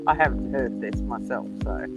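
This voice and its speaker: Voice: mid-range voice, normal speed, over music, poor audio. A guest in a casual live discussion, reacting with frequent laughs. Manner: laughs often, lively reactions.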